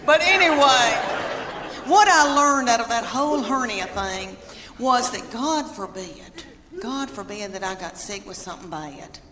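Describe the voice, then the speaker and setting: A middle-aged woman performing stand-up comedy, telling chatty stories whose punchlines trail off quietly. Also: fairly high pitch, expressive, measured pace. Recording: echoey hall, loud audience and noise.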